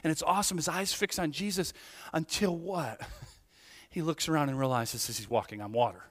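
A man preaching with a fairly high voice that drops low and soft, then climbs to emphatic peaks. He restarts often and checks in with the congregation as he goes. His words ring out with a long hall reverb. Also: moderate pace. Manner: animated, swings from hushed to emphatic, frequent restarts and "right?". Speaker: pastor. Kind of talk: sermon.

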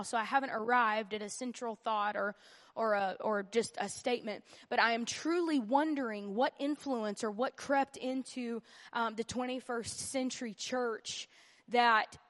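A woman's voice: on the high side, in a large hall. Earnest woman teaching a church lesson. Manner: earnest and emphatic, repeats key phrases; conversational with humorous asides. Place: church meeting room.

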